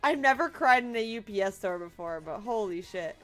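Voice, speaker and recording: A woman's voice: medium pitch, lively intonation, fairly quick, a bit bright, faint music behind. A woman in her late twenties, a streamer telling viewers about her day in an emotional, rambling way, laughing through tears. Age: late 20s. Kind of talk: casual storytelling to viewers.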